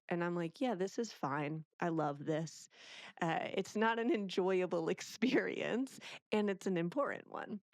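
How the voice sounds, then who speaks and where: A woman's voice: fairly low pitch, dry recording, studio quality. A woman, a parenting author, chatting as a podcast guest and animatedly acting out the people in her stories. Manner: animated storyteller who acts out quoted speech. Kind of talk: casual interview conversation.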